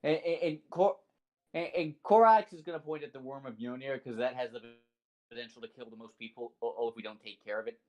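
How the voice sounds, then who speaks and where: A man's voice: mid-range voice, a little fast, lo-fi sound. A man playing a tabletop role-playing game who stammers and restarts often as he explains his choice. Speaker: player. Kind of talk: casual tabletop game chat.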